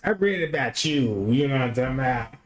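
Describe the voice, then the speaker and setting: A man's voice: medium pitch, a little fast, reverberant, a little hiss or hum. A young man, ranting on a casual livestream and slipping into mocking impressions. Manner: animated, slips into mocking impressions. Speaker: livestream host.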